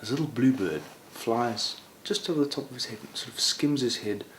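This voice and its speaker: A man telling a story aloud in a relaxed, conversational way, often slipping in "sort of" as he goes. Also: mid-range voice, moderate pace. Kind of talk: oral storytelling. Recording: roomy echo, faint background noise.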